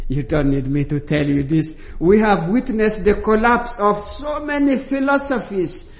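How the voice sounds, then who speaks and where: A man preaching a sermon, slow and deliberate, stressing key words with rising emphasis. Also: high-pitched, darkish tone. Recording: echoey room.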